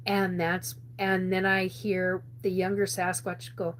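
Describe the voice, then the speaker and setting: A woman's voice: mid-range voice, level tone, slow pace, slight background noise. A woman hosting a live show, telling a personal story in a rambling way with many restarts and frequent laughter. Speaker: host.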